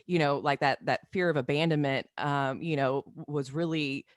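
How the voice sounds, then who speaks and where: A woman guest in an interview, speaking earnestly and haltingly, with many pauses and fillers. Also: low voice, steady tone, dry recording, studio quality. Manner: earnest, halting, full of you-knows. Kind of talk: candid interview talk.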